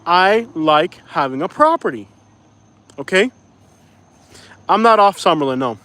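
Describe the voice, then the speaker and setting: A young man with a fairly high voice rants on a casual live stream, frustrated and venting. He keeps saying "bro" and "like" and apologizes now and then for his swearing. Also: expressive, unhurried, pushed and bright, no room sound. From Florida. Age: young adult. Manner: says "bro" and "like" often. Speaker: YouTuber reading live chat.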